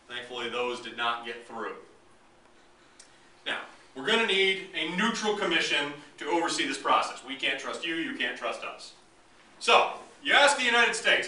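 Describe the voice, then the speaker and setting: Animated, bright-voiced male lecturer in an echoey hall. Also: on the high side, normal speed. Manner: animated, joking, acts out voices of both sides. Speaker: history lecturer. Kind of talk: public lecture. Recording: echoey hall, mic from a distance, faint room noise.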